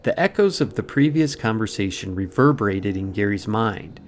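A man's voice: on the low side, lively intonation, normal speed, slight background noise. A man hosting a podcast, telling a mystery story in dramatic, ornate scripted narration. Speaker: podcast host. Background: faint music.

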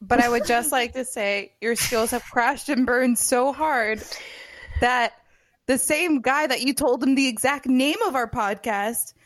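A woman's voice: fairly high pitch, measured pace, no room sound. A woman co-hosting a podcast in casual chat, teasing her friend and reading out listener questions. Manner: teasing, laughs along, reads listener questions. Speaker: podcast co-host.

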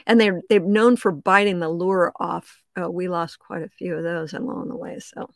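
An older woman, a podcast guest, telling lively stories and laughing often. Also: on the low side, normal speed, creaky, dry recording, studio quality. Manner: laughs often, animated storyteller. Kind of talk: casual interview chat.

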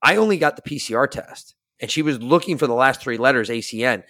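A man's voice: mid-range voice, animated, fast, sharp tone, no echo, clean studio sound. A man hosting a podcast, telling a story in a blunt, profane, casual way and acting out the dialogue. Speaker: podcast host.

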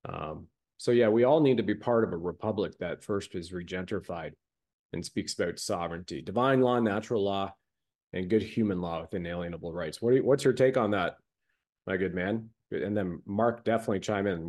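Low-voiced host rambling with fillers. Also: male voice, fairly quick, darkish tone. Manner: rambling, many fillers, hands topics to guests. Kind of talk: casual chat.

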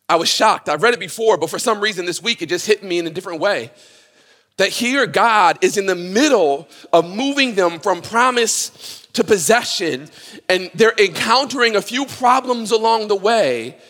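A man preaching a sermon with passion, swinging from loud cries to hushed pleading. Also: high voice, in a large hall. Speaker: pastor.

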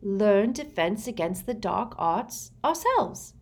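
Woman voicing earnest clever teenage girl, eager, lively rises and falls. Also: slow, full character voice. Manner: earnest, eager, somewhat higher.

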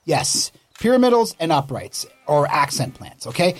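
A man's voice: on the high side, sing-song, moderate pace, faint music behind. A man hosting a gardening radio show in a studio, talking in a playful, joking way. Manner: upbeat, jokey, playful. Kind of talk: casual radio chat.

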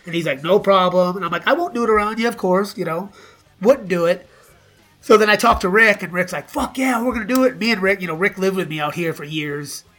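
A middle-aged man with a fairly high, bright voice spins loose stories as a podcast guest. He swears freely and laughs between lines. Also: fairly quick, soft background music. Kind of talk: casual storytelling.

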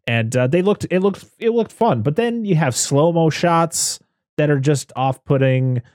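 A man's voice: on the high side, lively intonation, a little slow, a little mellow, dry recording, studio quality. A man hosting a podcast, chatting casually about a film, rambling and laughing often. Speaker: podcast host. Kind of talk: casual film review chat.

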